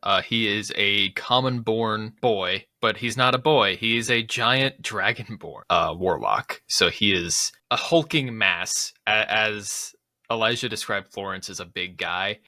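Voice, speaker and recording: A man playing a tabletop game, unhurried and thinking aloud about the rules. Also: fairly low pitch, bright, forceful tone, no echo, studio quality. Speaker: player. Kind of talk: casual chat at a tabletop game.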